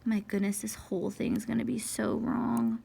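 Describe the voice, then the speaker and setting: A woman's voice: a little high, little pitch movement, moderate pace, vocal fry, dark tone, a little hiss or hum. A woman teaching a math lesson step by step, who scolds herself over mistakes, talks to the equations, and sighs and whispers when frustrated. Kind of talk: recorded math lesson walkthrough.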